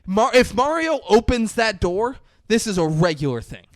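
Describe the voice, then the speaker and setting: Excitable young man gushing on a podcast. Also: sits high, normal speed, no room sound, studio quality. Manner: excitable, profane, swings into voices. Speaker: podcast co-host. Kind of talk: casual movie-review chat.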